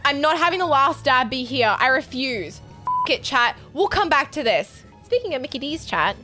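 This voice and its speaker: A young woman streaming a game while eating hot sauces, excitable, often squealing and laughing. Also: high voice, normal speed, faint music behind. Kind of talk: gaming hot sauce challenge.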